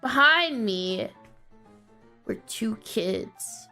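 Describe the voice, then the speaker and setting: Bright-voiced woman telling a story. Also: fairly high pitch, very slow, faint music behind. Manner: animated, laughs often. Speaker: streamer. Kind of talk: casual storytelling.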